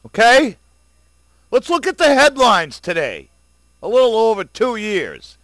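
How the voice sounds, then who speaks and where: A man's voice: extremely high pitch, sing-song, measured pace, fairly bright tone, no room sound. A man in an angry, profane, sarcastic video rant, addressing his viewers directly. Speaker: vlogger.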